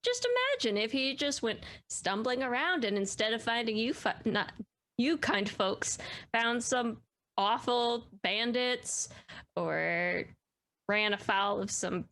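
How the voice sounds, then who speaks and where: A woman's voice: fairly high pitch, a bit bright. A woman voicing a fussy, chattering female talent manager.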